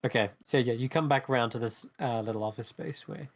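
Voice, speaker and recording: A man's voice: mid-range voice, fast talker, gravelly. Casual game-master man narrating. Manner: casual, rambling with fillers.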